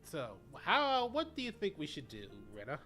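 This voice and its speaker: A man's voice: high voice, huge pitch swings, moderate pace, bright, forceful tone, soft background music. A man streaming a game, chatting casually and cracking jokes while he reads dialogue aloud. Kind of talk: casual game playthrough chat.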